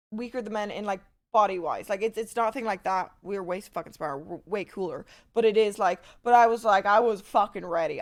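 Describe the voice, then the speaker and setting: Woman streamer, profane rambling story. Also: high-pitched. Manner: rambling, profane, animated retelling. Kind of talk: casual storytelling to chat.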